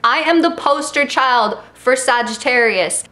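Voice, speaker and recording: Talking into the camera mic at her California home, this early-twenties vlogger from Miami has a slight Miami accent and a sassy, playful, casual manner. Her voice sits high and sounds bright and forceful, and she takes her time.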